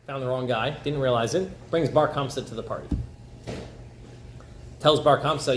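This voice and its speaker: A man's voice: medium pitch, moderate pace, long pauses. Man, rabbi, casual storytelling lesson, slangy, echoey room, faint hum. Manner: chatty, slangy, asks okay.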